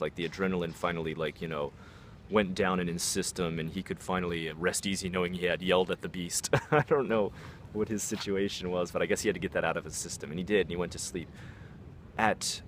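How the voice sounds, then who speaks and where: A young man with a low voice tells a story in a loose, casual way. He swears often and scatters "like" and "you know" through his sentences. There is faint background noise behind him. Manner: casual, profane, many fillers like "like".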